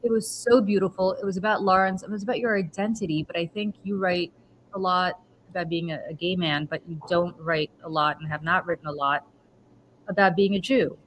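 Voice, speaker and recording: Woman, middle-aged, podcast host, animated storyteller, lowish voice, faint background noise. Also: brisk, rough recording. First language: Russian. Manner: animated storyteller, acts out her own reactions. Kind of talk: casual chat. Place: home.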